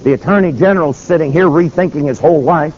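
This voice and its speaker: A man preaching a sermon with emphatic, animated storytelling. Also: fairly high pitch, fast. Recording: dull lo-fi with faint noise.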